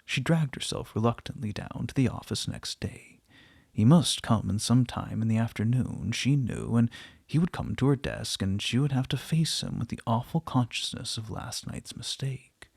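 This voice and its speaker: Gravelly-voiced man reading a story. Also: mid-range voice, moderate pace, a little mellow, no room sound, studio quality. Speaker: narrator. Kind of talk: reading a short story aloud.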